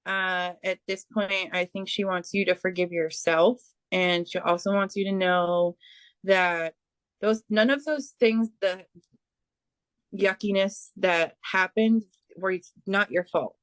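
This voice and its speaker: Speaking in a mid-range, fairly evenly intoned voice that is fairly bright, clear and resonant, a psychic medium delivers a spiritual reading. She stops and restarts often and fills gaps with hesitations, and there is no echo.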